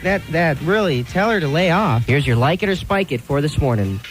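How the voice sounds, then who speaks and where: A man's voice: a little high, expressive, a little fast. A man co-hosting a live radio countdown with goofy wisecracks. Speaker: radio DJ co-host. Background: music.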